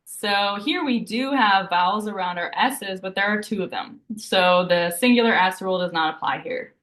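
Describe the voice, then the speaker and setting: A woman teaching a live beginner Italian lesson, patiently explaining each rule and slowly repeating example words. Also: mid-range voice, fairly bright tone. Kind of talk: live online language lesson. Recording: roomy echo.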